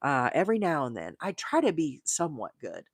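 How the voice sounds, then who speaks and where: Chatty woman with a dry, lowish voice. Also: brisk, slightly rough, dry recording. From Arizona. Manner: rambling, chatty, reads out viewer comments; bursts of high excited emphasis. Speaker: crochet livestream host. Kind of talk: casual live-stream chat.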